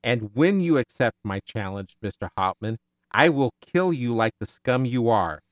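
A man reading aloud as a composed female starship captain, measured and cold. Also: mid-range voice, lively intonation, dry recording, lightly acted. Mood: cold threat. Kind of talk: reading a novel passage aloud.

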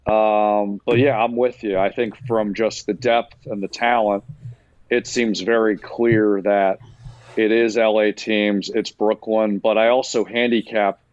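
Low-voiced man weighing caveats. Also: level tone, muffled recording. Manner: measured, hedging with caveats. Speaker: NBA writer, guest. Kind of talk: casual sports analysis.

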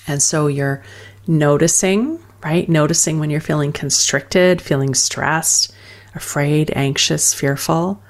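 A woman with a notably low voice talks through a breathing practice as a coach. Her delivery is soothing and unhurried in spirit, built from loose fragments and frequent fillers. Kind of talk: guided wellness teaching.

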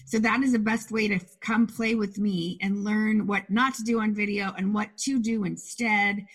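A woman co-hosts a podcast over a video call, sounding bubbly and upbeat as she closes out the show. The chat is casual, ending in a scripted sign-off. Her medium-pitched, slightly rough voice stays steady at a normal speed.

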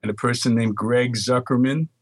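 An older man from the Bronx, telling animated stories as an interview guest. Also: medium pitch, moderate pace, slightly rough, dry recording. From New York, Bronx. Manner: animated anecdotes with quoted dialogue. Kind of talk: storytelling interview.

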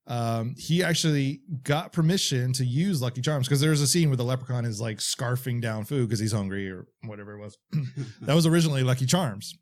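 A man with a mid-range voice chatting on a podcast. He recounts behind-the-scenes facts at an easy pace, pausing with fillers as he recalls names. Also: mid-range voice. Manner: relaxed, shares trivia with fillers. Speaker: podcast co-host. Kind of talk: casual movie chat.

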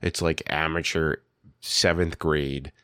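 A man's voice: rumbling low, fairly even intonation, pushed and bright, smooth, no echo, clean studio sound. A man co-hosting a podcast in casual chat, rambling and correcting himself as he talks. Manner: rambling, self-correcting, quick to laugh. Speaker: podcast co-host.

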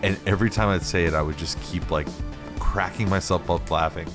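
A man's voice: low voice, steady tone, brisk, over music. A man co-hosting a podcast, telling a story in a rambling way, laughing often and swearing freely. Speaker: podcast co-host. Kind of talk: casual chat.

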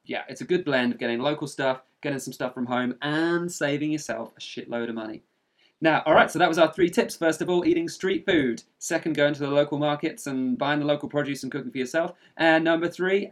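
A man co-hosting a casual travel podcast, chatty and relaxed, with some mild swearing. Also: fairly high pitch. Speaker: podcast co-host.

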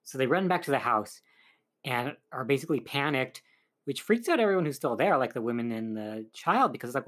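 A man's voice: medium pitch, lively intonation, fairly quick, fairly bright tone. A man casually recapping a film's plot as a reviewer, rambling with lots of fillers. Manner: chatty, rambling, full of "like" and "um". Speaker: film reviewer.

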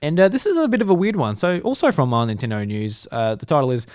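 Rambling Australian podcast host. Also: male voice, fairly high pitch, animated, quick pace, darkish tone, smooth, no echo, clean studio sound. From South Australia. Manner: rambling, many fillers and restarts. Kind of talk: solo casual podcast commentary.

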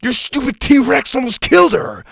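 A man voicing an angry young boy who shouts accusations at a classmate, in a storybook podcast. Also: high voice, lively intonation, normal speed, creaky, breathy edge, dry recording, voice pushed up, heavily acted.

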